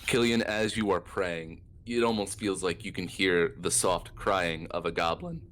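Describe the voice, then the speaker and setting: A man narrating as dungeon master, setting scenes in a relaxed, descriptive way. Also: low voice, a little slow. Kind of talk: narrating a tabletop game.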